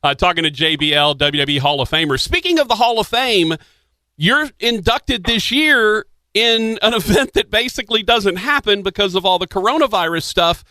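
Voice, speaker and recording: A man hosting a radio talk show, asking lively questions with many restarts. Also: high voice, normal speed, no echo. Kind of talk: radio interview. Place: radio studio.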